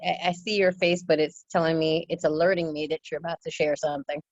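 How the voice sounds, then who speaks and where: A woman co-hosting a podcast, chiming in with quick reactions and retelling her side of a story over a video call. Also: sits low, fairly even intonation, lo-fi sound. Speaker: podcast co-host. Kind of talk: casual chat. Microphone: computer on a video call.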